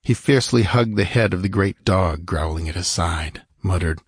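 A man narrating an action-filled fiction story, measured and dramatic, slowing for grim moments and lifting for the fighting. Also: sits low, steady tone, slightly rough, no echo, clean studio sound. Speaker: audiobook narrator.

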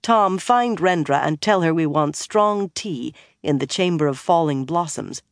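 A sharp-tongued young woman barks orders in a raised, clipped voice, as an audiobook narrator puts her on. She sounds commanding and impatient, and the reading is close and dry. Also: mid-range voice, animated, unhurried, dry recording. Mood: bossy. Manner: snappish and commanding.

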